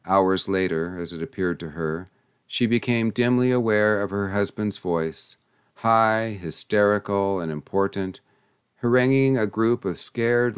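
Deep, smooth male audiobook narrator. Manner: measured, dramatic reading. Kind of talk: scripted narration.

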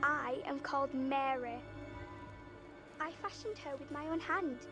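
Casting: a high-voiced, formal village maiden from centuries past, over loud game music. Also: female voice, measured pace. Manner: formal old-fashioned speech. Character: young village woman of old times, gentle and odd. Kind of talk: video game voice acting. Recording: game music behind her.

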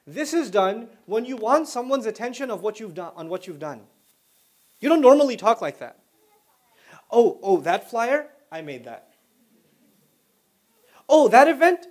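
A man giving a religious lecture, explaining ideas through repeated everyday examples, joking and acting out what people say. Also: high voice. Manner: animated, joking, acts out quoted speech. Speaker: Islamic lecturer.

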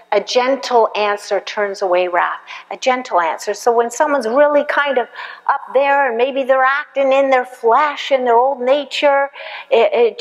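Woman preaching in a reverberant church. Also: on the high side. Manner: conversational, acts out little quoted voices. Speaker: pastor. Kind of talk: sermon. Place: church hall. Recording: long hall reverb in a church.

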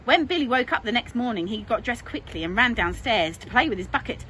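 A woman with an English accent, a primary school teacher, reading a picture book aloud to children in an expressive, sing-song way. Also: on the high side, fairly quick. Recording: noisy home recording.

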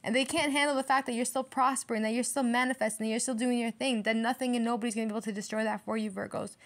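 A woman's voice: a little high, steady tone, rapid-fire. A woman giving a casual tarot reading in a brash, emphatic way, swearing freely as she talks to her viewers. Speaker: tarot reader.

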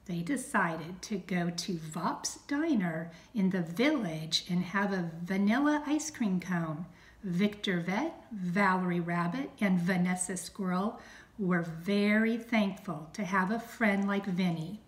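A woman teacher reading a storybook aloud to young children, stressing sounds slowly and clearly. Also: on the low side, echoey room, poor audio.

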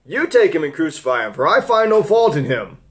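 A man reading as a weary Roman governor, exasperated and pleading with a mob. His voice climbs high and pushes loud and insistent. The lines land with strained, worn-out urgency. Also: sing-song, brisk. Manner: raised, emphatic reading voice.

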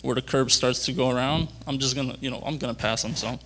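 A young man giving a rambling personal testimony at a church youth conference, halting and full of fillers and restarts. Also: mid-range voice, steady tone, fairly bright tone. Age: young adult.

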